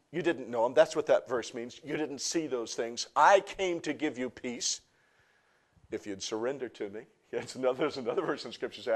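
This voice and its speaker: A middle-aged male pastor preaching to a congregation, swinging from soft, hushed teaching to loud, impassioned outbursts and joking with the crowd. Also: a little high. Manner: jokes and teases the congregation. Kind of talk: sermon. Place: church before a live congregation.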